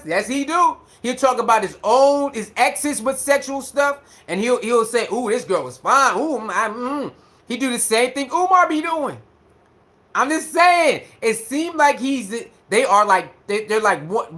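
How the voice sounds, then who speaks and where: Guy ranting on a stream, aave, high bright voice, keeps repeating himself. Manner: animated, repeats himself, mimics others mockingly. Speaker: commentary streamer. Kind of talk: casual commentary rant.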